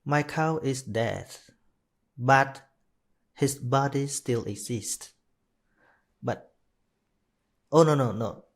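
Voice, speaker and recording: Man, Khmer first language, dharma talk, very slow, stops and corrects himself. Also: medium pitch. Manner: slow, hesitant, with many restarts and self-corrections. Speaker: Buddhist monk teaching dharma. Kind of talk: live dharma talk, telling a story.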